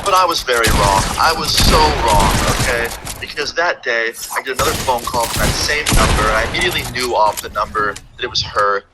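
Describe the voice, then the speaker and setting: A young man recounting a personal story as a storytime, animated and incredulous, swearing freely. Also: mid-range voice, brisk, few pauses. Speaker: YouTuber. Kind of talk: storytime narration over gameplay. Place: home computer setup. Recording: gunfire from game noise behind.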